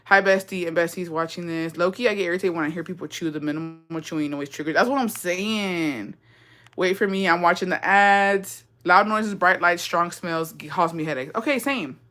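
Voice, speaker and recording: A woman's voice: on the low side, normal speed, fairly bright tone. A young woman hosting a livestream, telling a story in a slangy, profane, chatty rant and reading out viewer comments. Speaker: livestream host.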